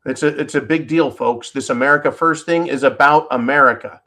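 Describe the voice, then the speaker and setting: A man's voice: medium pitch, fairly quick, hardly any pauses, sharp tone. Indignant man hosting a commentary show. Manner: indignant, emphatic, repeats words when stirred. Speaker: political commentary host. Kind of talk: solo commentary monologue.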